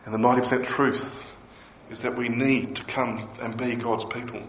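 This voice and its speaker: Man, pastor, sermon, emphatic, mid-pitched, echoey room. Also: normal speed, slight background noise. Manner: animated preaching, voices quotes with rising pitch.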